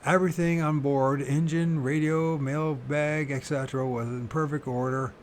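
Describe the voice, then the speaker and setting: A man reading a book about strange disappearances aloud, slowly and haltingly, often restarting words and correcting himself. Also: on the high side, fairly even intonation, slight background noise. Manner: pauses to question his own pronunciation. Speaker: reader of a paranormal book.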